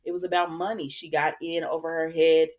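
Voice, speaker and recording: A woman's voice: sits low, little pitch movement, a little fast, darkish tone, muffled recording. A woman hosting a casual recap, chatty, retelling scenes and quoting the characters. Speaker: soap opera recap host.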